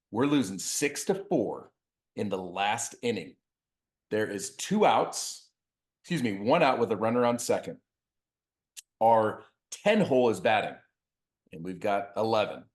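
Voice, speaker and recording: A man's voice: fairly low pitch, normal speed. Guy coaching youth baseball, tells stories with lots of back-and-forth dialogue, casual podcast chat. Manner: animated storyteller, acts out dialogue.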